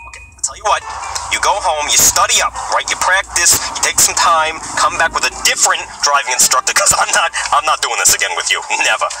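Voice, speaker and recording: A man's voice: a little high, very animated, a little fast, over loud music. A man playing a flustered, scolding driving instructor. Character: exasperated male driving instructor. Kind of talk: toy puppet comedy skit. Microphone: phone. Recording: distant phone recording with background noise.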